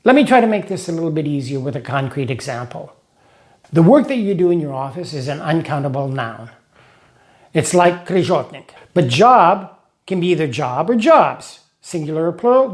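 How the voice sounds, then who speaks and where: A man teaching English grammar to Russian speakers, explaining slowly through examples and small rhymes. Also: a little high, animated. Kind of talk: scripted lesson narration.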